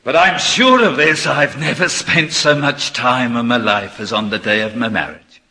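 An older man preaching a sermon, moving between quiet, confiding asides and ringing, emphatic proclamation. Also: medium pitch, expressive, moderate pace. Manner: swings from soft confiding asides to emphatic declamation. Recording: long hall reverb.

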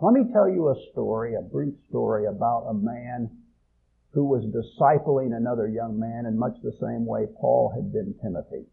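A man preaching a sermon, swelling loud on key phrases and dropping low at the ends. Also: expressive, unhurried, creaky, husky. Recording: tinny phone-like audio.

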